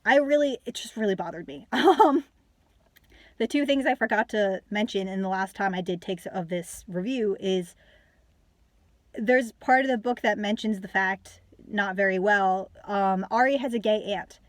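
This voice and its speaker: A woman's voice: mid-range voice, normal speed, no echo. A young woman casually reviewing a book, ranting with lots of fillers and some swearing.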